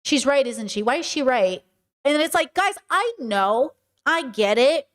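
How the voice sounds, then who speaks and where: A woman's voice: sits high, expressive, moderate pace. A woman with a Valley girl accent hosting a livestream monologue, reading chat aloud and often tagging her sentences with "okay?" and "you know?". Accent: California Valley girl. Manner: talkative, frequent "okay?" and "you know?" tags; mimics other people's voices and mannerisms. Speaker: streamer and podcast host.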